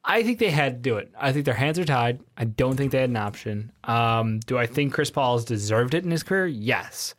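A man's voice: medium pitch, animated, brisk, few pauses. Male podcast co-host, mid-range voice, talks basketball in casual chat, blunt and emphatic, with loose swearing. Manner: opinionated, swears freely, emphatic.

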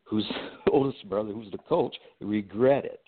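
A man, a guest on a podcast interview, telling a long personal story in an animated way, with fillers and restarts. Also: lowish voice, measured pace, husky. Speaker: guest entrepreneur. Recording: tinny phone-like line.

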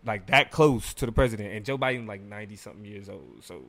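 A man's voice: on the low side, fast, a bit bright, dry recording. A man co-hosting a live talk show, talking loosely and animatedly with many fillers. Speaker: podcast co-host. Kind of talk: casual live-show discussion.

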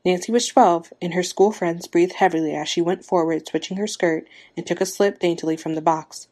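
A woman narrating a story aloud in a measured, expressive storytelling manner. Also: on the low side. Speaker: story reader.

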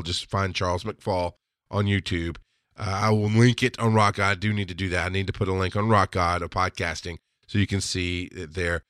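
A man's voice: fairly low pitch, fairly bright tone, dry recording, studio quality. A man in his thirties or forties hosting a casual solo podcast, telling rambling stories and acting out the people he quotes. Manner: rambling storyteller who acts out quoted voices. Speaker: podcast host.

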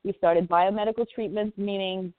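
A woman's voice: mid-range voice, steady tone, moderate pace, no echo. A woman in her forties, a parent telling her story as a radio interview guest, earnest and impassioned, often repeating words for emphasis. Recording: tinny phone line, dry.

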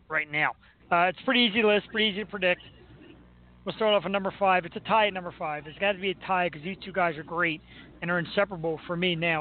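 A man's voice: high-pitched, no room sound. A man hosting a talk show, chatting enthusiastically about local sports. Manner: chatty, enthusiastic fan banter. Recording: tinny phone-like sound with faint noise.

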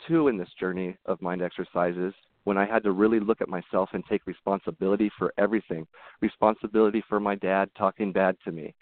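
A man's voice: fairly low pitch, no echo. A man talking as a podcast guest, telling personal stories in a rambling, earnest way with frequent restarts. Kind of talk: casual interview storytelling. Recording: tinny phone-like line, dry.

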